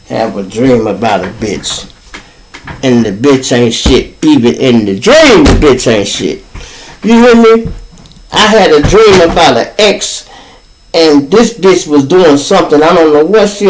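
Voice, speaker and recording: A man's voice: a little high, rough recording. A man with a Chicago accent hosting his own show, telling rambling, profane stories in a casual monologue. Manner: profane, rambling, animated storyteller. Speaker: podcast host.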